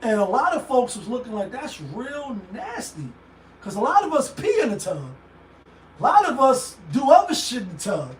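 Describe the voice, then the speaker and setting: A man with a strikingly high voice rants through casual commentary, acting out the voices he quotes. His voice sits a little far from the mic in an echoey room, with faint background noise. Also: a little fast, crowd noise. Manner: animated, acts out quoted voices, profane. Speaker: commentary show host.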